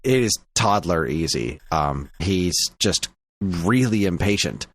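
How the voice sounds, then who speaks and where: A man's voice: low-pitched, expressive, takes it slowly, a bit bright, dry recording. A man co-hosting a podcast in casual chat, rambling through an anecdote and laughing often. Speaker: podcast co-host.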